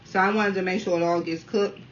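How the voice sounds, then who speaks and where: A woman in her thirties from the Washington, D.C. area, chatting casually while eating on camera at home and keeping up a steady stream of remarks to her viewers. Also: on the low side, fairly quick. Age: 30s. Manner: talkative, keeps addressing viewers as y'all. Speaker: mukbang vlogger. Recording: dull, slightly distant sound with faint room noise.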